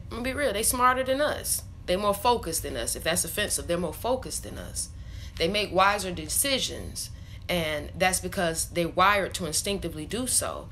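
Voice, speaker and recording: A woman's voice: on the low side, fairly bright tone, a little hiss or hum. A young woman talking casually to her followers, rambling, swearing freely and laughing often as she tells stories. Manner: loose, profane, laughs often, rambling storytelling. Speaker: vlogger. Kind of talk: casual chat to camera.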